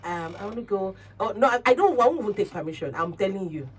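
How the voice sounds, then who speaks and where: A woman's voice: medium pitch, fast, recorded from a distance, slight background noise. A woman with a Nigerian accent hosting a radio talk show, speaking assertively and acting out quoted conversations. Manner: assertive, animated, acts out quoted dialogue. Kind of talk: casual radio chat.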